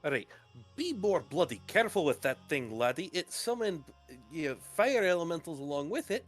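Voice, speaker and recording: A man plays a blustering artificer in a tabletop game. He lectures and stammers while his pitch swings up and down a great deal. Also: big pitch swings, a little fast, soft background music. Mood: lecturing.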